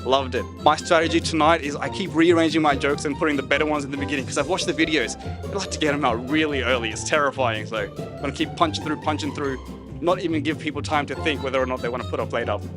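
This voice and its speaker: A man's voice: on the high side, fast, over music. An Australian man from Canberra, a comedy contestant, talking plainly and nervously in a backstage interview.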